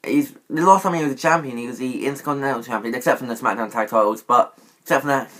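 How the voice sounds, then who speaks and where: A man talks through his wrestling predictions in a loose, chatty vlog at a middle pitch. He rambles, trips over his own words and fixes them as he goes, with plenty of ums along the way. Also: fast talker, very noisy. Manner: rambling, self-correcting with many fillers. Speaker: YouTube wrestling commentator.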